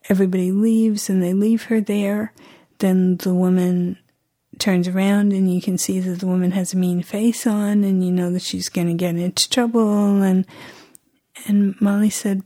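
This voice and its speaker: A middle-aged woman telling a personal story in a reflective, halting way, often restarting her sentences. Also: medium pitch, warm tone.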